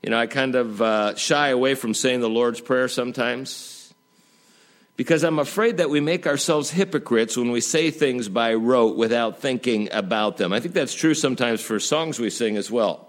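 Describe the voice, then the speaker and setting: Conversational male pastor preaching. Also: normal speed. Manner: conversational preaching with rhetorical questions and folksy jokes; dynamic, swinging between emphatic highs and quiet drops. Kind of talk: sermon.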